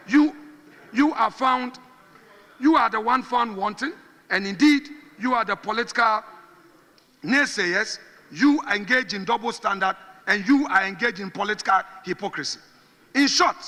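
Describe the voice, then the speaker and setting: A man's voice: very high-pitched, pushed and bright. A man with a Ghanaian English accent delivering a combative parliamentary debate speech, repeating phrases for emphasis. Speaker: parliamentary minority leader. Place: large parliamentary chamber. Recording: long reverb of a large hall.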